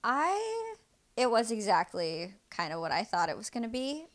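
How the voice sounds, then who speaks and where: A woman with a slightly higher voice co-hosts a podcast in a chatty, casual way. She laughs easily as she talks. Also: huge pitch swings. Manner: chatty and giggly, quick to laugh. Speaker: podcast co-host. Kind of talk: casual chat.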